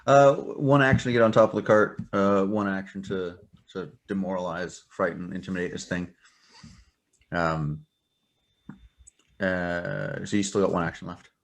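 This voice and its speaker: Male game master, low-ish voice, halting delivery with many fillers, casual tabletop session.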